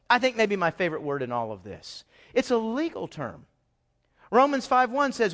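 A male pastor preaching a sermon in an animated way, acting out pleading voices as he goes. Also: sits high.

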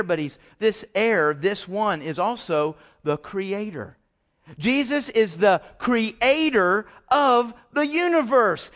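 A man's voice: high-pitched, fairly bright tone. A pastor preaching a sermon to his congregation, emphatic and repetitive, calling them folks.

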